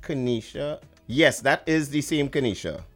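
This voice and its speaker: A man's voice: medium pitch, animated, moderate pace, soft background music. A man hosting morning radio, playful and teasing. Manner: playful, teasing, breaks into laughs. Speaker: radio host.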